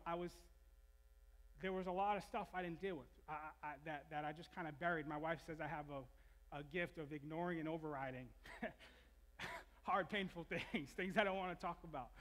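A man preaches to his church, his voice sitting high for a man. He tells his own story in a candid, confessional way and keeps restarting his sentences. The sound carries a long reverb from the big church hall. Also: moderate pace, long pauses, fairly bright tone. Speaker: pastor. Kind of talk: sermon.

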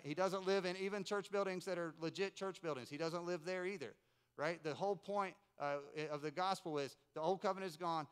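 A man's voice: sits high, clean tone. A man in his forties from North Carolina, preaching a sermon and telling stories with playful asides. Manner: storytelling, animated, playful asides. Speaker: pastor. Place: church service in a rented building.

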